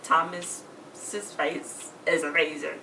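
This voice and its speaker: A woman's voice: low-pitched, flat delivery, slow pace, gravelly, sharp tone, roomy sound, recorded from a distance, slight background noise, poor audio. A woman chatting casually as she recaps a TV episode, retelling scenes with quoted lines.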